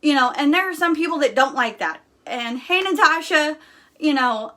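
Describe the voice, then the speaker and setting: A woman's voice: high voice, animated, moderate pace, bright, forceful tone. A young woman hosting a casual live stream, talking bluntly and candidly with lots of fillers.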